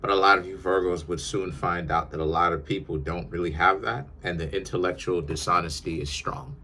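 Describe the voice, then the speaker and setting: Man, low-pitched, bright tone, tarot reading, emphatic, lecturing, repeats himself. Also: fairly even intonation, fairly quick, slight background noise. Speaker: tarot reader.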